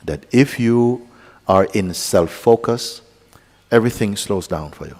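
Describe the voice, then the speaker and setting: Deep-voiced man teaching in a reverberant hall. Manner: calm, unhurried, with pauses and soft asides. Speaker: spiritual teacher. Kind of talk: satsang teaching. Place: large meeting hall.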